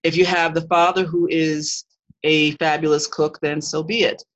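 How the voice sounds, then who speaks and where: A Kemetic faith teacher giving a live-streamed talk, earnest and digressive, often pausing to search for words. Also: mid-range voice, flat delivery, fairly bright tone. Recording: dull lo-fi stream audio.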